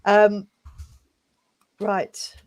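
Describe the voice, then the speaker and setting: In a mid-range, monotone voice with a slightly mellow quality, a woman gives a mediumship demonstration at a service. Her speech comes in fits and starts, heavy with fillers, and she calls people sweetheart.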